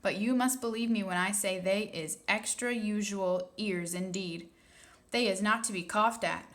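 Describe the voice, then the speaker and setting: A woman's voice: mid-range voice, normal speed, close to an everyday voice. A woman reading aloud and voicing a big, friendly male giant who talks in jumbled grammar and made-up words. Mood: earnest. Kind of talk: audiobook reading.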